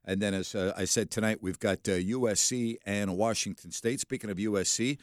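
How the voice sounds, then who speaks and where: A man's voice: fairly low pitch, brisk, no echo, studio quality. A man hosting a sports radio show, chatting casually and telling stories with laughter. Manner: animated storyteller, laughs while telling. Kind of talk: casual radio chat and storytelling. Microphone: studio microphone.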